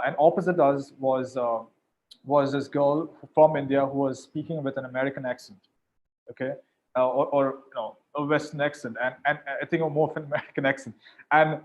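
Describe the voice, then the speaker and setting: Animated man coaching, dull call audio. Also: fairly high pitch, normal speed. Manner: animated, repeats words when starting sentences. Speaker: mediation competition judge giving advice. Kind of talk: informal coaching talk.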